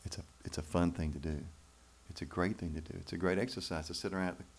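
A man's voice: low voice, steady tone, fast talker. A man preaching a sermon in church, folksy and emphatic, with rhetorical questions to the congregation. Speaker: pastor.

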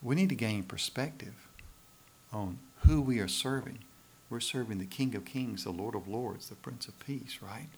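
A man's voice: fairly low pitch, moderate pace, a little mellow, slight background noise. A man preaching a sermon, building emphasis and tossing in frequent questions to the congregation. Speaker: pastor.

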